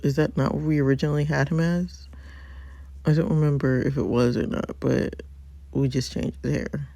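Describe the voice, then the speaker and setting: A woman's voice: low-pitched, fairly even intonation, moderate pace, vocal fry, warm tone, dry recording. A woman hosting a casual let's-play, chatty and thinking aloud with frequent ums and laughs. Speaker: gaming channel host.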